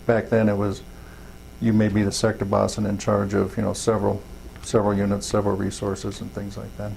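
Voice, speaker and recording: A man's voice: on the low side, monotone, fairly quick, vocal fry, a little mellow, a little hiss or hum, low-quality recording. A middle-aged man telling folksy, rambling stories in an interview, full of fillers and acted-out quotes. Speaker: interviewee, wildland fire chief. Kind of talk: casual storytelling interview.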